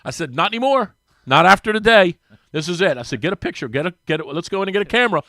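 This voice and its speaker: Animated man telling a story on the radio. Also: very fast, no echo, studio quality. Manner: lively storyteller, acts out quoted voices with big pitch jumps. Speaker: regular radio guest. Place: radio studio. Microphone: studio microphone.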